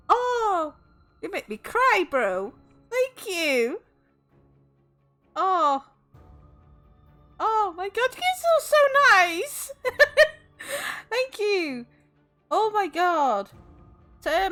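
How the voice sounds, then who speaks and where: A woman's voice: sits high, a bit bright. A young woman streaming live, casually chatting and effusively thanking her viewers, often exclaiming in shock.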